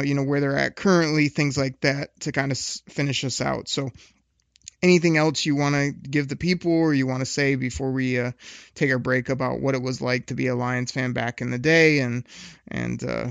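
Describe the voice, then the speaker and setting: A man's voice: mid-range voice, creaky, smooth, no room sound, muffled recording. A man hosting a podcast, asking long, laid-back questions in casual conversation. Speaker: podcast host.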